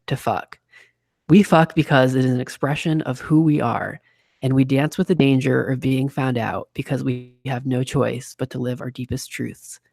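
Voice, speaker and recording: A man doing his sexy voiceover voice as a hushed, sultry narrator for an adult film. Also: mid-range voice, creaky, no echo, studio quality.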